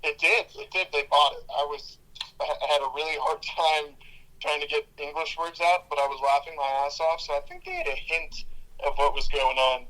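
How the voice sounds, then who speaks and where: A man co-hosting a casual comedy podcast, tossing in quick jokes and laughing often. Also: a little high, expressive, sharp tone, rough recording. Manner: quick jokey interjections, frequent laughter. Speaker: podcast co-host.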